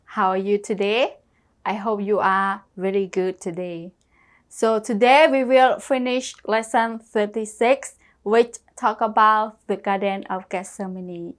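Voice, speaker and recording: A woman's voice: mid-range voice, fairly even intonation, unhurried. A woman teaching English vocabulary, repeating each word and spelling it out letter by letter. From Cambodia. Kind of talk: slow classroom lesson.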